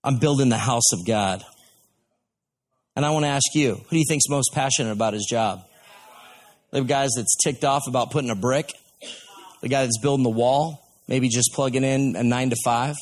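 A man preaching in a relaxed, chatty way, moving easily from point to point and leaning on homespun stories. His voice sits at an ordinary middle pitch, and he sounds like he is talking with the crowd rather than at it. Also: fairly quick. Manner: folksy storytelling, conversational. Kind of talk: sermon.

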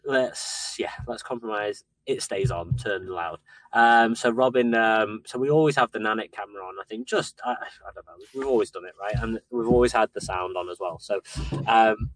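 A young man co-hosting a podcast, telling sweary, animated stories about parenting in casual chat. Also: on the low side, moderate pace. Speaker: podcast co-host.

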